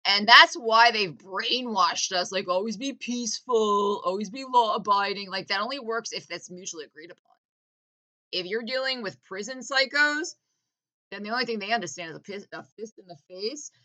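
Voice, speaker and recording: A woman speaking straight to the camera in an intense, profane rant. Her voice is bright and forceful, and she pushes every point hard. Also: mid-range voice. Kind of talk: heated political rant to camera.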